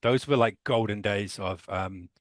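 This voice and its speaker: A man's voice: on the low side, measured pace, no echo, clean studio sound. A man in his thirties with a New Zealand accent, chatting casually as a podcast guest, rambling and laid-back with casual swearing. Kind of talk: casual chat.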